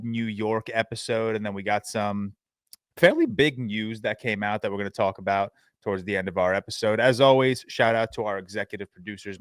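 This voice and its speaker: A man hosting a casual movie podcast, chatty and relaxed, with frequent fillers. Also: lowish voice, clear, resonant tone, no room sound, clean studio sound. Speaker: podcast host.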